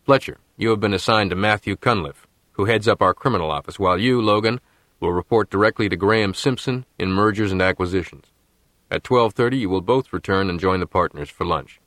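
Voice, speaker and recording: A man's voice: lowish voice, fairly quick, a bit bright, no room sound, close to an everyday voice. A man doing a commanding senior partner. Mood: formal. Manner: formal, authoritative.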